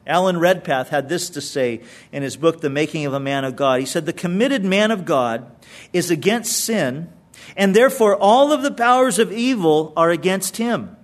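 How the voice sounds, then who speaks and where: A man preaching a sermon with a high, light voice for a man. He speaks earnestly, restarting and repeating words as he presses each point. It is the steady delivery of a pastor working through a passage.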